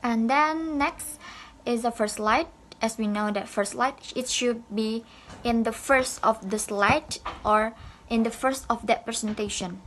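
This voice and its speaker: A woman's voice: on the high side, a little slow, noisy background. A woman student giving a classroom presentation, hesitant, with fillers and self-corrections.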